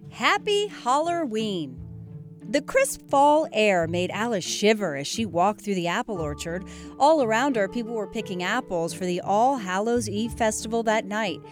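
Animated woman reading a storybook. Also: medium pitch. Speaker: news anchor reading a story. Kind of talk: storybook narration.

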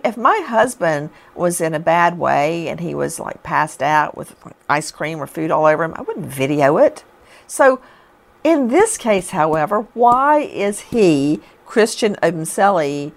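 A woman hosting a true crime broadcast, talking emphatically with indignant rhetorical questions. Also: mid-range voice. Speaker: host.

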